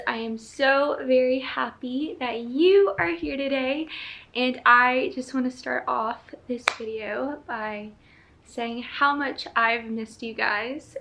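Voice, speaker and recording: A young woman chats to her camera in her apartment. Her voice sits a little high and has a gravelly fry. She talks slowly and reflectively, emotional and quick to laugh. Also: bright, forceful tone. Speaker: vlogger. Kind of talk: casual chat to camera.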